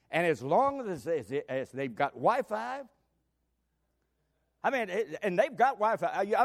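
An older man preaching a sermon, swinging between loud emphatic exclamations and soft asides. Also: on the high side. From United States.

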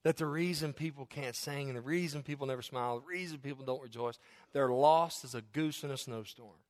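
With a mid-range male voice and a brisk delivery, a pastor preaches fervently, moving between hushed asides and loud, escalating declarations with the odd chuckle.

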